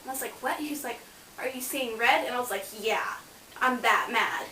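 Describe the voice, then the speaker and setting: A woman's voice: a little high, fairly quick, bright, forceful tone, recorded from a distance. A young adult woman, a college student, chatting casually and bubbly about her life, with lots of "like" fillers. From Kansas. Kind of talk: casual personal storytelling vlog. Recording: roomy, off-mic, faint hiss.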